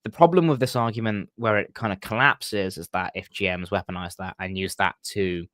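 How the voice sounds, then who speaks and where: A man's voice: low-pitched, brisk, fairly bright tone, dry recording. A man talking casually about running tabletop games, hesitant and full of ums and restarts. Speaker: game master and stream co-host. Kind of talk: casual podcast chat.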